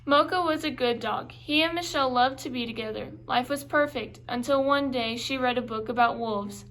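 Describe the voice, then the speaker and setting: A young woman reading a children's book aloud, in clear, carefully paced read-aloud style. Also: high voice, normal speed, a bit bright, rough recording. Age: young adult. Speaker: reader.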